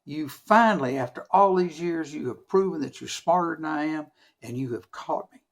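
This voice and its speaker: A man voicing a proud, talkative male rabbit trickster in a folk tale, loud and indignant, wheedling when caught. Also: on the high side, normal speed, vocal fry. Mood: pleading. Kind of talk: storytelling with character voices.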